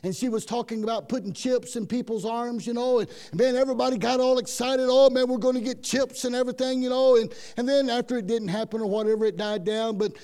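High-voiced emphatic preacher. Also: male voice, fairly even intonation, fast talker, hardly any pauses, dark tone. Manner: folksy, emphatic preaching with frequent "man" and repetitions. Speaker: pastor. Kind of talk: sermon.

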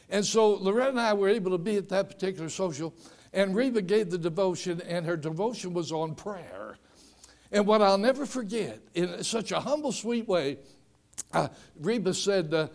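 An older man preaching a sermon, telling homespun stories and rising from quiet asides to shouted emphasis. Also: sits high, moderate pace, gravelly. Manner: storytelling, swings from soft asides to shouted emphasis.

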